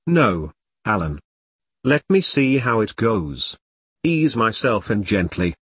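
A man's voice: fairly low pitch, very animated, slow pace, fairly bright tone, husky, no room sound, heavily acted. A man voicing a bitter, blunt middle-aged woman who was once an agent, in an audiobook. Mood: determined. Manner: blunt, furious.

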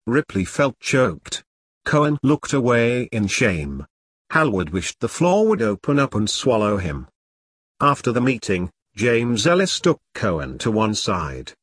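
A man reading a story aloud in a steady, measured narration. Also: medium pitch, breathy edge, no echo, clean studio sound. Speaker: audiobook narrator. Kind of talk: scripted narration.

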